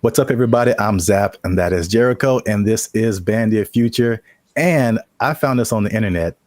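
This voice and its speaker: Brief: young male co-host, low-pitched, casual and rambling, dry close sound. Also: a little fast, no echo. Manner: relaxed, rambling, frequent "uh"s. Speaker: podcast co-host. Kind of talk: casual chat.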